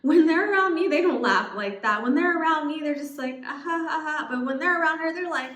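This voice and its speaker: A young adult woman vlogging casual advice, chatty and expressive, acting out what other people say. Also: high voice, a little fast, background noise. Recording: echoey room.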